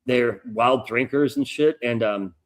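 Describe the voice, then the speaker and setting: A middle-aged American man, a podcast co-host, telling a long story in a rambling, profane, animated way. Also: medium pitch, measured pace. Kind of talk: casual storytelling chat.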